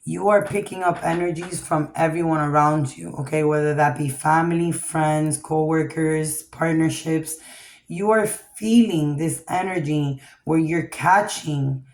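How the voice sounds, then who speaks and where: A woman with a fairly low voice runs a casual tarot reading in a blunt, foul-mouthed way, tagging "okay?" onto her points. The recording is roomy and echoey. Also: fairly even intonation, a little slow. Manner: blunt, profane, keeps asking "okay?". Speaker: tarot reader. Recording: echoey room.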